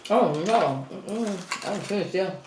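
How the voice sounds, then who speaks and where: A woman's voice: medium pitch, expressive, measured pace, reverberant, background noise. A woman hosting an eating show, chatting casually to her viewers between bites and getting out of breath. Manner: chatty, addresses viewers as y'all, eats between lines. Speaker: mukbang host.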